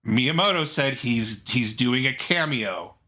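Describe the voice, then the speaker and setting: Lively, bright-voiced podcast guy. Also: medium pitch, a little slow. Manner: meandering storyteller, many restarts, jokey. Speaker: podcast co-host. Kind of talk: casual chat.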